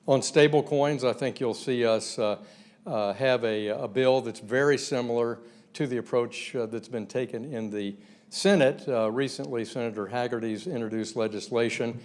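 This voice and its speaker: Measured lawmaker answering reporters. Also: male voice, medium pitch, darkish tone. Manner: measured, with fillers. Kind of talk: press conference answer. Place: press conference room.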